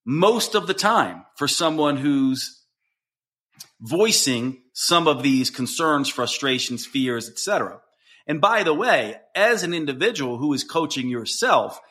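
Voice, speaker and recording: A man's voice: a little high, sharp tone. A man hosting a podcast, earnestly explaining how to respond to someone going through a hard time, acting out example phrases as he goes. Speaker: podcast host. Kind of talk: solo coaching talk.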